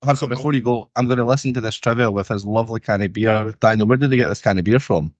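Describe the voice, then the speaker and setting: A man's voice: medium pitch, fast talker, no room sound, muffled recording. A young man hosting a casual podcast chat, steering the talk over a video call.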